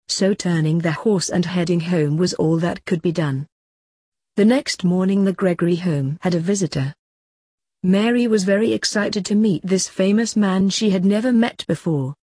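A woman narrating a storybook tale in a steady, plain reading manner. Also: fairly low pitch, slightly rough, no room sound.

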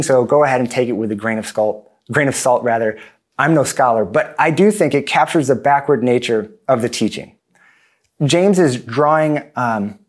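Man preaching, earnest, plain-spoken, mid-pitched voice. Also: darkish tone. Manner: earnest, plain-spoken, self-deprecating asides. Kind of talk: sermon.

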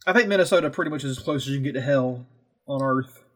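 A man's voice: medium pitch, fast. A man co-hosting a podcast, talking in brash, teasing banter and swearing freely. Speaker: podcast co-host. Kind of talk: casual profane banter.

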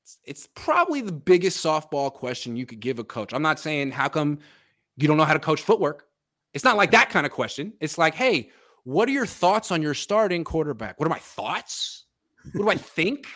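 A man's voice: on the high side, sing-song, fairly quick, pushed and bright. A man hosting a casual sports podcast, animatedly breaking down football film and chatting with his father. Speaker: podcast host.

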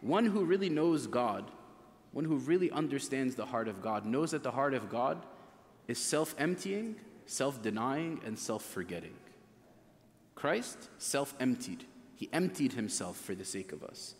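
Priest preaching in a reverberant church. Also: male voice, mid-range voice, a little slow. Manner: animated storytelling, acts out voices in quotes. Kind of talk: sermon. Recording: long reverb of a church hall.

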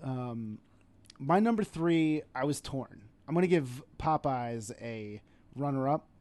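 A young man with a New York accent co-hosting a podcast in casual chat, animated and teasing, laughing often. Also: mid-range voice, slow pace. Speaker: podcast co-host.

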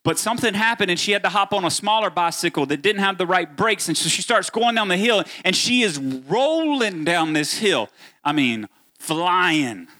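A man's voice: sits high, moderate pace. A middle-aged male pastor, preaching a sermon and speaking straight to his congregation. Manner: animated preaching, addresses congregation directly.

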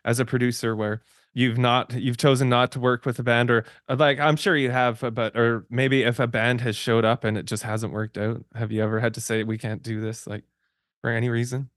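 A man hosts a podcast in a flat, even voice and asks long, meandering questions. His voice sounds close and dry, with no room echo. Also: mid-range voice, fairly quick. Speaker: podcast host. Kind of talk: casual podcast interview.

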